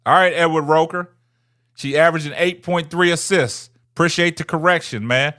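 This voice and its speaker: A man with a high-leaning, bright, forceful voice talks at a moderate pace to his chat while hosting a casual livestream. Taunting viewers is part of his style, along with repetition and a habit of ending many phrases with "man."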